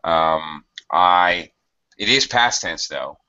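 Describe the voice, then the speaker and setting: A patient man teaching English over a call, his low voice bright and forceful. His pitch jumps around a lot as he acts out example lines. The audio is dull and lo-fi. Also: animated, extremely slow, clear, resonant tone. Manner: patient, explains with acted example sentences. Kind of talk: online group English lesson.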